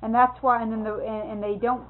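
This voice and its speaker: A woman's voice: a little high, level tone, fairly quick, a little hiss or hum. A woman stating earnest, emphatic opinions in casual conversation, on a tinny lo-fi recording.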